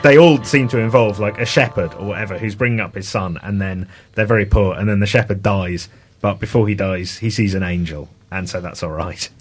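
A man presenting a casual radio chat show, retelling a children's story with many pauses and restarts. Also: fairly low pitch, husky, faint music behind. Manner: hesitant, many ums and restarts.

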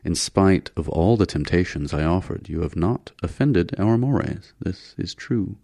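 A man voicing a polite but menacing male alien leader in a science fiction audiobook, speaking with smooth courtesy. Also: deep voice, animated, measured pace, warm tone, no room sound, clean studio sound, full character voice.

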